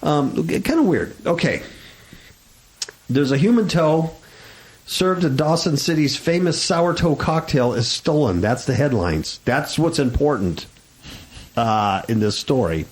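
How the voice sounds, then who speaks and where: A man's voice: a little high, animated, a little slow. A man hosting a Christian talk radio show, rambling and stammering with indignant restarts.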